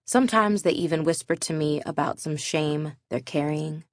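Low-voiced woman reading her memoir. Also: moderate pace, no echo, studio quality. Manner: earnest and candid, with self-deprecating humor. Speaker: author narrating her own audiobook. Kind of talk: scripted memoir narration.

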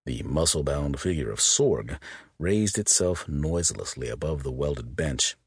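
A man narrating a gritty audiobook in a husky voice. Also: very deep voice, animated, unhurried, no room sound, clean studio sound. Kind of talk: scripted narration.

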